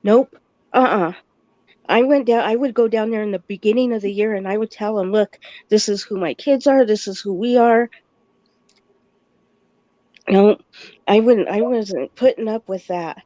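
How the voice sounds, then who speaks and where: A woman in casual conversation, talking slowly and haltingly about her children, with many fillers. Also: medium pitch, dark tone, dry recording, muffled recording. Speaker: parent in conversation. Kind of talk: casual chat.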